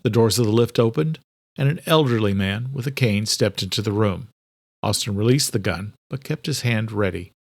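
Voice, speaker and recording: A man narrating his own horror thriller audio drama in a steady, measured storytelling voice. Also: fairly low pitch, vocal fry, no echo. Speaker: author and narrator. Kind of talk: scripted narration.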